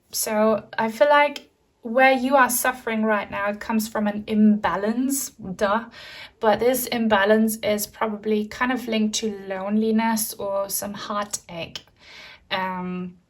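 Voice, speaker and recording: A woman doing a tarot reading, her voice a touch high and earnest, soft and reassuring. She sits a little back from the microphone, so the sound is slightly distant. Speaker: tarot reader. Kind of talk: pick-a-card tarot reading.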